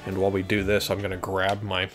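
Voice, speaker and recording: A man's voice: low-pitched, monotone, fast. A young man casually commenting on a video game he is playing, wry and self-deprecating. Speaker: let's player. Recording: faint game music behind.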